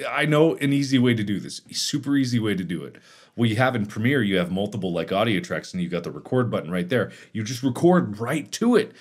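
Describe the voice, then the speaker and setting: Lively joking YouTuber man. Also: medium pitch, normal speed, breathy edge. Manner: joking, sarcastic asides to his editor. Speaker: YouTuber and host. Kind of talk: casual gaming chat.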